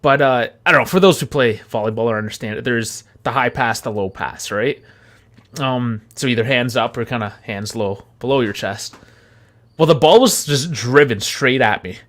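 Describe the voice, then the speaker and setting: A man's voice: medium pitch, normal speed, fairly bright tone. A young man co-hosting a football podcast, telling rambling anecdotes and laughing often. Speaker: podcast co-host. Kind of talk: casual football chat.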